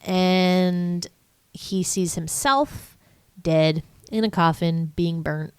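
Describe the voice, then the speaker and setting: A woman co-hosting a podcast, recapping a movie in casual chat and acting out lines in quick voices. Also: on the low side, smooth, dry recording. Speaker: podcast co-host.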